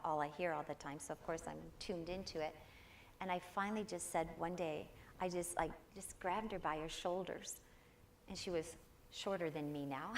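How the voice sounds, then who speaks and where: A woman's voice: lowish voice, a little hiss or hum. An older woman giving an inspirational talk to a congregation, telling personal stories in an earnest way. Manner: personal storytelling, warm and earnest, with quoted voices. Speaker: guest speaker.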